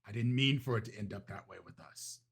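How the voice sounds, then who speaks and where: Dude doing a greek accent cult leader guy, slow and calm, kinda low and husky. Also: exaggerated voice. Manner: slow, calm, self-justifying. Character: charming murderous male cult leader ex-lover.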